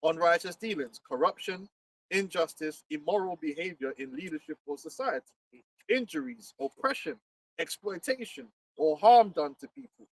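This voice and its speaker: A man, chatting casually as host in an animated, slangy way, laughing often. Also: sits high, normal speed. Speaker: livestream host. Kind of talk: casual chat. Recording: distant mic, faint background noise.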